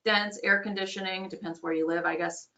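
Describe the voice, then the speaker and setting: Bright-voiced woman trainer, upbeat and conversational, explaining sales steps. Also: mid-range voice, fairly even intonation, brisk. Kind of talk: online training course.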